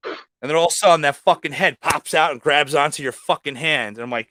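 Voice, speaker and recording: A man's voice: on the high side, a little fast, dry recording, studio quality. A man chatting casually on a livestream about breeding snakes, swearing freely and acting out what he and his snakes said. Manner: profane storyteller, acts out quotes loudly. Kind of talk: casual chat.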